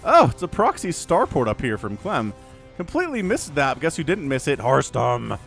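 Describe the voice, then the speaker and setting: An energetic man calls a video game match on his own, and his pitch swings up and down as he reacts to the play. He keeps it playful and chuckles at the action. Soft background music runs under his voice. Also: normal speed, gravelly. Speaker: esports caster. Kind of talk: solo play-by-play game commentary. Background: faint background music.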